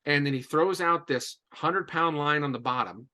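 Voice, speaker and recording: A man from Indiana, a podcast guest, telling a lively story with many "and, uh" fillers. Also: on the high side, moderate pace. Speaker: podcast guest, business coach. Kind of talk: animated storytelling.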